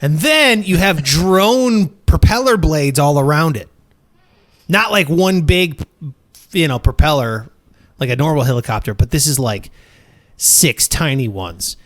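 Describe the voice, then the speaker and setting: A man's voice: fairly high pitch, measured pace. A man hosting a casual comedy podcast, joking around and slipping into silly voices. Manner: animated, jokey, puts on silly voices. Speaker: podcast host. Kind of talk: casual banter.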